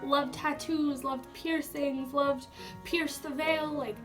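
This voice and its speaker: A woman's voice: sits high, fairly even intonation, takes it slowly, distant mic, over music. A young woman telling a personal story to camera in a chatty way, full of "like" and casual swearing. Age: young adult. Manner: chatty, says "like" often, swears freely. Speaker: YouTuber.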